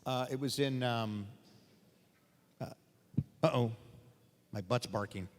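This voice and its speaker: A man with a mid-range voice takes it slowly as a guest on a voice actor convention panel. He's an animated, joking storyteller who acts out quoted voices while fielding audience questions, recorded in a reverberant hall.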